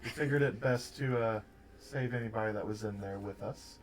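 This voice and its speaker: A man's voice: fairly low pitch, brisk, slight background noise, poor audio. A man as a player in a tabletop game, describing his character's actions in a plain, matter-of-fact way. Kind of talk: tabletop role-play.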